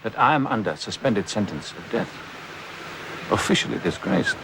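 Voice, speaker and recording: A grave German army colonel. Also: male voice, fairly low pitch, big pitch swings, normal speed, noisy background.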